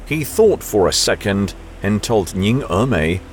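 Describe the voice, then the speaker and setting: A man narrating a novel as an audiobook in a measured storytelling manner. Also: lowish voice, sing-song, soft background music.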